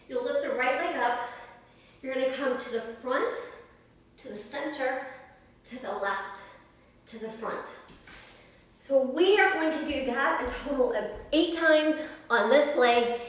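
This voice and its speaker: A young woman leading a live yoga class, upbeat and chatty, counting reps and a little out of breath. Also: high voice. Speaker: yoga instructor. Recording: echoey room, mic at a distance.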